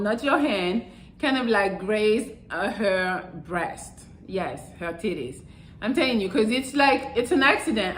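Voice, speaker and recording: A woman's voice: on the high side, fairly bright tone. Blunt, profane woman in an echoey room. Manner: blunt and profane, acts out quoted reactions. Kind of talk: casual dating advice to camera.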